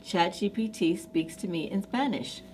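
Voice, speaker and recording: A woman's voice: lowish voice, normal speed, a little mellow, slight background noise. A woman vlogger chatting casually to camera in an effusive, enthusiastic way, with many fillers.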